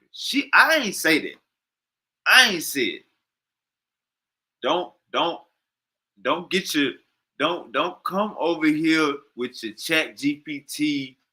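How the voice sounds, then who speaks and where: This reaction streamer, a man, fires off heated commentary on a video, full of profanity and slang and repeating himself. His voice is medium in pitch, pushed and bright.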